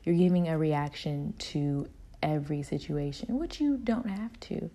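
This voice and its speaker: A woman's voice: sits low, unhurried. A young woman hosting a casual talk show, recounting a work conflict animatedly and then reflecting on it. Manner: animated retelling, acting out both sides of a conversation. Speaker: podcast host.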